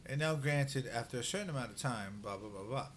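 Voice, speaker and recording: A man's voice: mid-range voice, fairly quick, slight background noise. Rambling man in crude podcast banter. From Central America. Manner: rambling, crude, drifting into mumbling.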